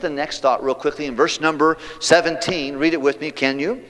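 A man preaching a sermon as pastor, reading scripture aloud and leading the congregation, moving between loud preaching and hushed passages. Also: mid-range voice, lively intonation, fast, few pauses. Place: church sanctuary. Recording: long hall reverb, church sanctuary.

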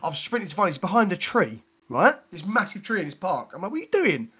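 Lively man telling a story. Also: high voice, fast talker. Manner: animated storyteller, slangy, grows loud when excited. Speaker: podcast co-host. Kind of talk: casual storytelling chat.

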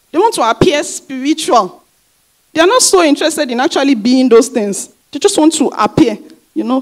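A woman pastor delivers a sermon in a fairly high voice. She drives her points home by repeating phrases and asking rhetorical questions, then answering them herself.

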